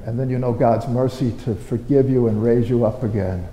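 A man's voice: mid-range voice, fairly even intonation, moderate pace, mellow. A man preaching a conversational, story-driven sermon, firing off rhetorical questions with sudden emphatic bursts. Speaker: pastor. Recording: roomy with long hall reverb.

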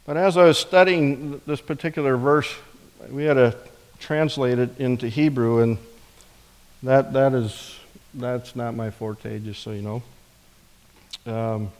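Male preacher, mid-pitched, conversational sermon, echoing hall sound. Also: fairly even intonation, measured pace, darkish tone. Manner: conversational, with rhetorical questions. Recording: reverberant hall.

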